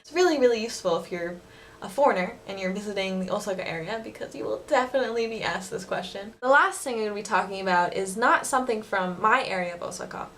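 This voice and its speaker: A woman's voice: medium pitch, quick pace, fairly bright tone. A young woman teaching words in a casual lesson, chatty, laughing often and using many fillers. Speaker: language teacher vlogger. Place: living in Osaka.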